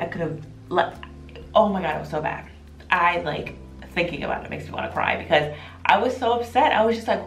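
A woman vlogger telling her own birth story to camera in an emotional, animated way, often quoting what people said. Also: fairly low pitch, brisk. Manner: emotional, animated retelling with quoted voices. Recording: echoey room with faint music.

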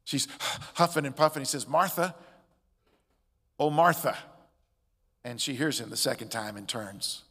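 A man preaching a sermon as pastor, expressive, with loud emphatic peaks and quiet drops. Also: mid-range voice, brisk, slightly rough. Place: church sanctuary. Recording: long church hall reverb.

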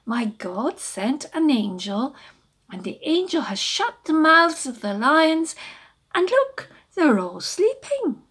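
Woman doing a bright, calm, faithful young man. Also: high voice, slow pace, pitched above the performer's own voice, full character voice. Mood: reassuring.

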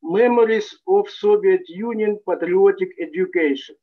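A Ukrainian man whose first language is Ukrainian, reading his own writing in English in a measured, halting way over a video call. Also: sits high. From Eastern Ukraine. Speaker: guest writer reading his work. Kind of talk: slow, careful reading of his own text. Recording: dull lo-fi call audio.

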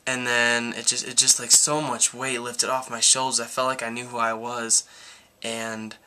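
Bright, flat-toned young man telling his story. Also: medium pitch, moderate pace, clear, resonant tone. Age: about 19. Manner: rambling, with many "like"s and restarts. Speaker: YouTuber. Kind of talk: casual personal story vlog.

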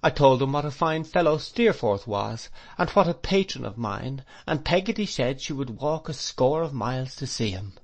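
A man narrating a classic novel as an audiobook reader, in a gentle, reflective manner. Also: mid-range voice, expressive, normal speed, hardly any pauses.

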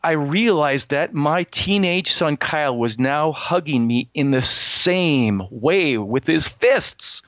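A man's voice: a little high, animated, slow pace, hardly any pauses, a bit bright, no echo. A middle-aged man speaking as an interview guest, telling a personal story earnestly with many restarts and fillers. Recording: slightly dull, lo-fi sound.

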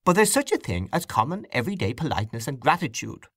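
A man's voice: medium pitch, very animated, quick pace, fairly bright tone, dry recording, clean studio sound, voice pushed up. A man reading an audiobook voices an indignant elderly aunt who scolds in a huffy tone. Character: indignant elderly aunt, a fussy old woman.

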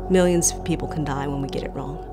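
Lady with a low voice talking it through slowly, um and uh, soft music under. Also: steady tone. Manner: thoughtful, many fillers. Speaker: interviewed expert. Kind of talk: documentary interview.

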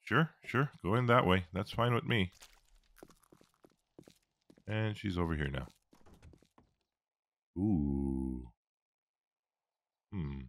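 A man's voice: sits low, very slow, long pauses, a bit bright, no room sound. A man commentating his own gameplay, reacting, joking and swearing as he fights. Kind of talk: let's-play commentary.

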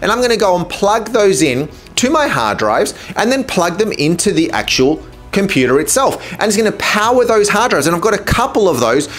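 A man with an Australian accent, an enthusiastic tech YouTuber walking through a product review in an upbeat, animated way. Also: sits high, a little fast, faint music behind.

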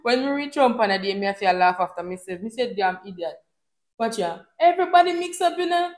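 A Jamaican woman chats through a storytime vlog, sliding between patois and English with animated energy. Her voice sits a little high for a woman. The room around her is echoey and hollow. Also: fast talker. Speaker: vlogger. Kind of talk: casual storytime chat.

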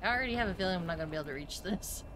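A young woman streamer commenting on a horror game, excitable and swearing, laughing and yelping when scared. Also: fairly low pitch, rapid-fire, background noise. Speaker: gaming streamer. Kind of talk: let's-play commentary.

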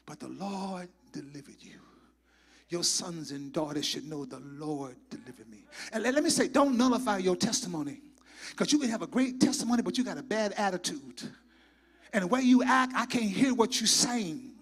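A man preaching a sermon as pastor, swinging from shouted, fervent passages to hushed, near-whispered asides. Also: sits high, animated, moderate pace, slightly rough. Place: church sanctuary.

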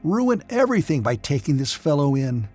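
A man voicing a stocky, red-faced young man who is hostile and suspicious, speaking in sharp, violent protests. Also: a little high, big pitch swings, moderate pace, husky, soft background music. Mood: angry.

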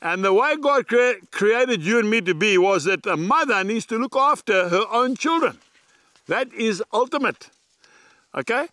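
Earnest bright-voiced outdoor preacher man. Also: high voice, animated, unhurried, no room sound. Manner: earnest, homely, speaks straight to the listener. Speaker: evangelist host. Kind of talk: folksy devotional address to viewers. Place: outdoors in a horse schooling ring.

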